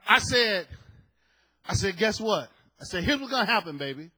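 High, lively, husky-voiced preaching man. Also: normal speed. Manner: swings between hushed storytelling and loud preaching shouts; acts out the people in his story with voices. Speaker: pastor. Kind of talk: sermon with storytelling.

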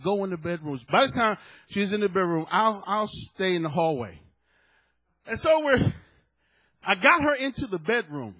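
A middle-aged man preaching from the pulpit, his voice high and bright with a husky edge. He tells a family story in hushed tones, then rises into loud shouted points. He acts out each person in the story with their own voice. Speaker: pastor. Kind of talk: sermon with storytelling.

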